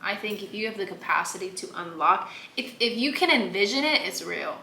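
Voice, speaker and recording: A woman's voice: medium pitch, lively intonation, a little fast, creaky, sharp tone. A young woman from Virginia, a podcast guest talking candidly and emphatically, with frequent likes and repeated phrases. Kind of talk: candid conversational interview. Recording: echoey room with faint noise.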